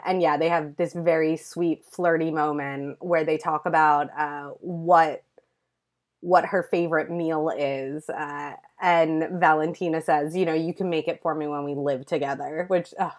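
A woman co-hosting a podcast, chatting casually and gushing as she recaps a TV series, full of "like" and asides. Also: low-pitched. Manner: gushing, enthusiastic, lots of "like". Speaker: podcast co-host recapping a show. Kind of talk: casual chat.

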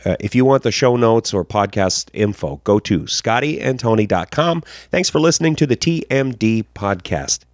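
A man hosts a podcast in loose, joking chat and wanders into asides. His pitch swings up and down a lot as he talks. The sound is dry and close, with no room around it. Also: lively intonation, moderate pace, few pauses, no room sound. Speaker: podcast host.

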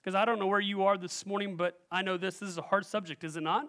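A man preaching a sermon as pastor, animated and calling out questions to the congregation, acting out the voices he quotes. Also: high-pitched, quick pace.

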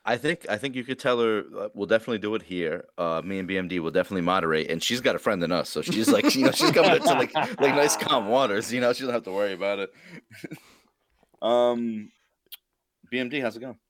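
A man's voice: on the low side, expressive, fast, no echo, clean studio sound. A man hosting a podcast, teasing his guests and laughing often, with some swearing. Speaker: podcast host. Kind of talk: casual chat.

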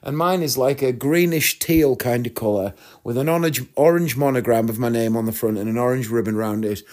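A man's voice: mid-range voice, brisk, a little mellow. A man hosting a podcast, telling a rambling travel story in a chatty way and laughing at his own tale. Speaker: podcast host. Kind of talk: casual storytelling monologue.

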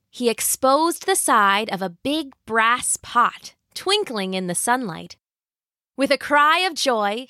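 Woman storyteller, slow animated reading, bright tone, dry close mic. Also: fairly high pitch, no echo. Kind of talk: scripted storybook narration.

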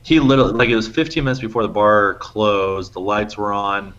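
A man co-hosting a podcast, telling stories in a casual, animated way and acting out what people said. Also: fairly quick. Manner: animated, acts out quotes with big pitch jumps. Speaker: podcast co-host. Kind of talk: casual storytelling chat. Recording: slightly muffled lo-fi audio.

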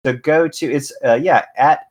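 A man's voice: fairly high pitch, moderate pace. Laid-back swearing male podcast host. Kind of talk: casual group chat.

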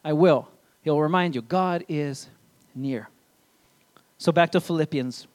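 A man's voice: a little high, unhurried, a little mellow. A young adult man preaching a sermon in church, in a casual, conversational way with asides. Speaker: pastor.

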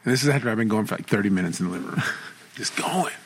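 A man's voice: fairly low pitch, very fast, vocal fry, slight background noise. A man co-hosting a podcast, telling playful stories in casual chat and acting out his family's lines. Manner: lively, playful storyteller who acts out his dad's lines. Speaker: podcast co-host.

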